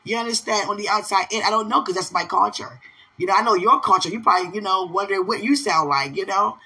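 A bright, slightly husky woman speaks in casual podcast chat. She talks affectionately to a partner, playful and animated. Laughter breaks through her speech often. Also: mid-range voice, fast, low-quality recording. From United States. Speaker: podcast host.

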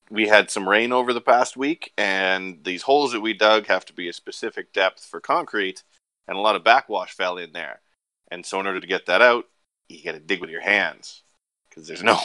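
A man's voice: low-pitched, sharp tone, no echo. A young man on a casual podcast, laid-back and a bit sarcastic about his work day. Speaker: podcast co-host.

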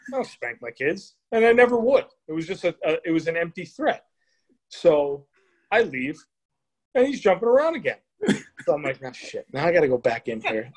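A young adult man co-hosting a chat, telling family anecdotes in a lively, laughing way. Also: on the high side, moderate pace, slightly rough. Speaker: podcast co-host. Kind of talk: casual chat.

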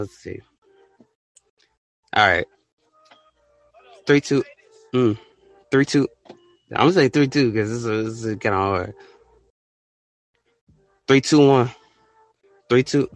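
A man's voice: mid-range voice, fairly bright tone, no echo. Young man freestyling over a beat. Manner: hesitant mumbling between takes, then rapid rhyming. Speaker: amateur rapper and podcaster.

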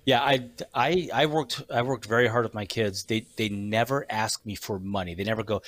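A middle-aged man co-hosting a podcast, telling stories in casual chat with halting restarts. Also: lowish voice, a bit bright, no echo. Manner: chatty storyteller, halting restarts. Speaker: podcast co-host.

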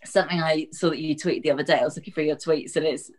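Low-voiced woman host, filler-heavy. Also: steady tone, rapid-fire. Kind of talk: casual interview.

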